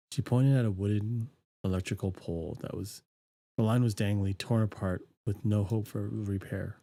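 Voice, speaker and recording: A man streaming a horror visual novel, narrating its text in a steady, even voice with dry asides. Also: on the low side, normal speed, faint music behind. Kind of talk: reading a visual novel aloud.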